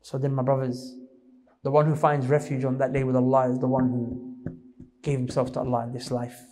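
Emphatic male preacher, quick and high, reverberant hall. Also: monotone, noisy background. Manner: rapid, emphatic, questions the audience. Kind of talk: sermon.

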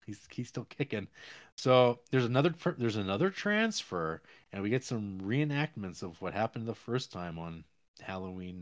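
A man with a slightly low voice hosts a casual podcast chat. He rambles through a film's plot in an easygoing, meandering way. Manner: rambling, loose plot retelling. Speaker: podcast host. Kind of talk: casual movie-recap chat.

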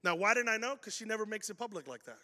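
A man's voice: sits high, expressive, quick pace, bright, forceful tone. A man preaching a sermon as pastor, telling stories animatedly and acting out the voices of the people in them. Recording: hall reverb.

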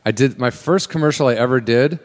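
A man's voice: mid-range voice, a little fast, in a large hall. A man, a working actor, telling a casual story with lots of swearing and quoted voices. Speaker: guest actor.

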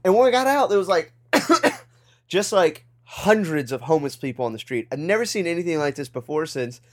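Young man, slightly high voice, rambling storyteller, casual podcast chat. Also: big pitch swings, moderate pace. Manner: rambling, laughs loudly at punchlines. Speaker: podcast co-host.

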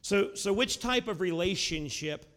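High-voiced preacher in a reverberant hall. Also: male voice, expressive, a little slow. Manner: earnest preaching, swinging between loud emphatic lines and low quiet drops; asks the audience rhetorical questions. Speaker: pastor. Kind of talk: sermon.

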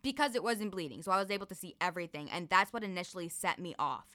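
Bright-voiced young woman telling a story. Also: fairly low pitch, quick pace. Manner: animated storytelling with frequent laughs. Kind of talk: casual chat.

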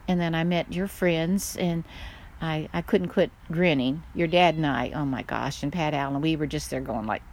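An older woman talks in a casual chat, her voice a little low and warm-toned, full of laughter and lively storytelling. A faint hiss sits under her voice. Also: moderate pace. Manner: chatty, laughs often, animated storytelling. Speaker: guest, mother.

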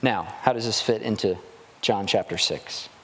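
A man preaching a sermon as a pastor, animated and acting out grumbling voices as he goes. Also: lowish voice, moderate pace, slight background noise. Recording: long hall reverb.

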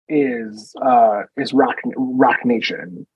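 A man's voice: medium pitch, drawn-out words, slightly rough, no echo. A man co-hosting a podcast in casual chat, rambling and restarting his sentences. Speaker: podcast co-host. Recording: dull, dry lo-fi sound.

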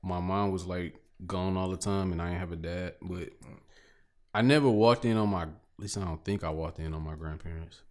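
A man with a lowish voice talks loosely in casual chat. He tells crude stories and keeps breaking into laughter. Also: steady tone, normal speed, darkish tone.

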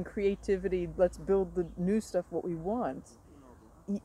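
A woman guest in a casual conversation, telling stories with animated energy and frequent laughter. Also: mid-range voice, poor audio. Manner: laughs often, animated storytelling. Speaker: stand-up comedy teacher, guest.

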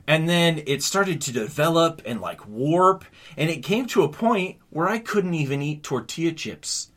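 Animated, bright-voiced man telling a story. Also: fairly high pitch, moderate pace, hardly any pauses. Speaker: podcast co-host. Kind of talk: casual podcast chat.

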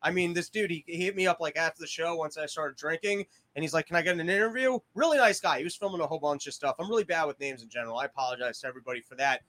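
A man's voice: fairly high pitch, racing, hardly any pauses, sharp tone. A man hosting a casual podcast from a small shed studio, ranting and joking with lots of swearing. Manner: profane rambling comedic rants. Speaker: podcast host.

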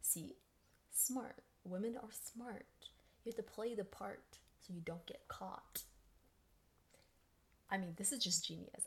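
A woman's voice: medium pitch, slow pace, pauses often, a bit bright. A woman hosting a podcast, telling a story in a casual, chatty way and acting out quoted voices. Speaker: podcast host.

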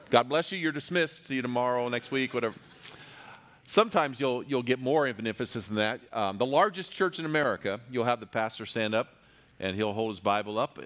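A man's voice: medium pitch, a bit bright. A man preaching a sermon as pastor, talking in a loose, conversational way with jokes and frequent restarts. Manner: conversational, joking, many restarts.

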